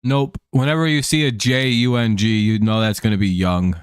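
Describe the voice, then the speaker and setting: Low-voiced man casually hosting a stream. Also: fairly even intonation, normal speed, clean tone, no room sound, clean studio sound. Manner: rambling and offhand, calling the count. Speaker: live stream host. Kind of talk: casual chat while watching a baseball game.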